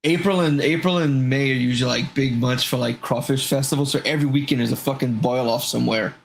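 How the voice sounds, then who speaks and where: A man in his thirties chatting casually, an animated storyteller who swears freely. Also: mid-range voice, quick pace, creaky, a little hiss or hum. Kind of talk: casual chat.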